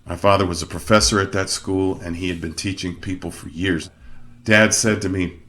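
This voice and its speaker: A middle-aged male opera singer hosts his own show, telling the story of his career as a monologue. His speaking voice sits low, and he keeps it lively and self-deprecating, shifting his delivery for emphasis. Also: moderate pace.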